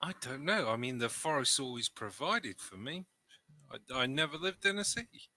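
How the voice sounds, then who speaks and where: A man's voice: medium pitch, expressive, moderate pace, pushed and bright, dry recording. A man playing in a tabletop game, earnest and wide-eyed. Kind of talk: tabletop role-play.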